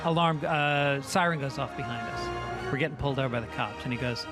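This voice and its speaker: A man's voice: mid-range voice, fairly quick, over loud music. A middle-aged man from New York, a comedian guest telling a funny story and acting out the people in it. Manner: animated, acts out the other people in the story. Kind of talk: comic storytelling.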